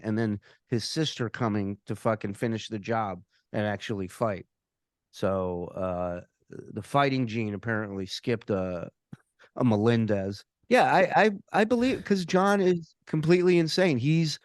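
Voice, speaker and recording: A man telling a story as a podcast guest, animated and profane, often repeating words as he restarts his sentences. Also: medium pitch, no echo, studio quality. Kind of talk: casual storytelling.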